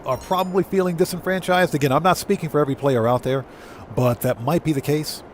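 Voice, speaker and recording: Fast-talking and a bit high in pitch, this male GTA streamer rambles easily through live gameplay commentary and reads chat aloud, often stopping to fix what he said and leaning on fillers. A little hiss or hum runs under the recording.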